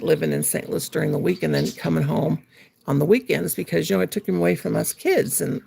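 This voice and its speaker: A woman on her home livestream talks as she crochets, her voice heavily gravelly with plenty of fry. The tone is husky and a little rough. She rambles through her memories and stops now and then to answer comments from her viewers. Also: fairly low pitch, a little mellow. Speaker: livestream host. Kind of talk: casual livestream chat while crocheting.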